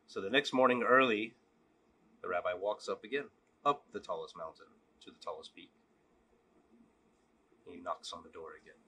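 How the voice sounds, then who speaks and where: A man vlogging, telling a long joke and then talking candidly in a relaxed, casual way. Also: deep voice, normal speed, pauses often, husky. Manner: relaxed, candid, repetitive storytelling. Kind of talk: joke storytelling and casual reflection.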